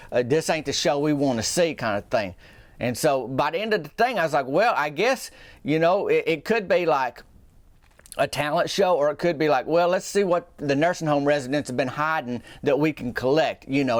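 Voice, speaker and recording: A man's voice: fairly high pitch, no echo. A man telling a comic story in a rambling, folksy way, full of restarts and asides. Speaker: storyteller host.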